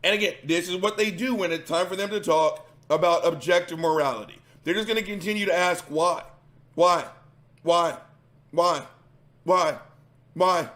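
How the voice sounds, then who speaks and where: High-voiced, profane ranting man. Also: a little fast, few pauses, a bit bright. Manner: profane, combative, sarcastic. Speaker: commentary host. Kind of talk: ranting reaction commentary.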